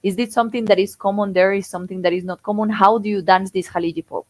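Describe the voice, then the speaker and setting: A woman's voice: mid-range voice, steady tone, fast, dry recording. A woman interviewer, a native Spanish speaker, asking questions with enthusiasm and hesitant fillers.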